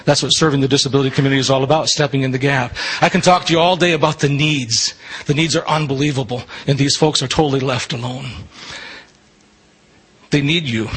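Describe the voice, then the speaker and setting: Man, husky voice, fairly high pitch, earnest church talk, ministry leader. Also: a bit bright, rough recording. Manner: earnest, slows to stress points.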